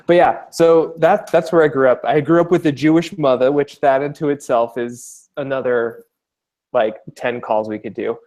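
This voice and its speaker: A man's voice: mid-range voice, steady tone, moderate pace, a little mellow. A man from Long Island chatting as a guest on a video call, joking, rambling and laughing often. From Long Island, New York. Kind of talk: casual chat.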